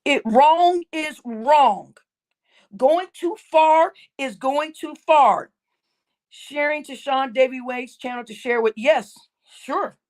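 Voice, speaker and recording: High-pitched lady going off on her live chat, scolding, repeats herself a lot. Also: slow pace, darkish tone. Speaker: livestream host. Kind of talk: heated livestream rant.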